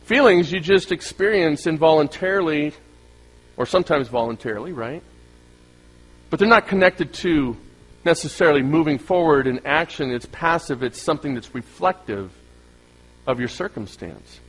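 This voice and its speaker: Animated man preaching with rhetorical questions. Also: fairly high pitch, breathy edge, low-quality recording. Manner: acts out quoted voices of listeners. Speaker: pastor. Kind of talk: sermon.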